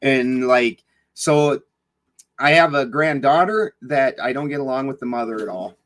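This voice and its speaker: A man's voice: medium pitch, a little slow, a bit bright, low-quality recording. A middle-aged man with an ordinary mid-range voice, talking casually as an interview guest. He is blunt and loose, swears easily, trails off and restarts often, and sounds like he is speaking over a video call. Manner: rambling and blunt, swears freely, many fillers and restarts. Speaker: podcast guest.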